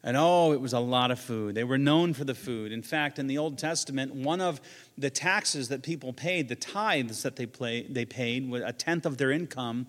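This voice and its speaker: A man's voice: medium pitch, normal speed, long reverb tail. A man, a pastor, preaching a sermon in a conversational way, with joking asides and quoted lines he acts out.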